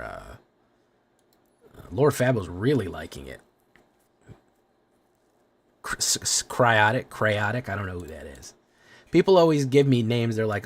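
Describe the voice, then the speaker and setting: A young man with a fairly low voice hosts a casual live stream of a card game. He jokes, hypes up his plays and chats straight to his viewers. A faint hum of noise sits behind him. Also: moderate pace, long pauses. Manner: excitable, joking, talks to chat.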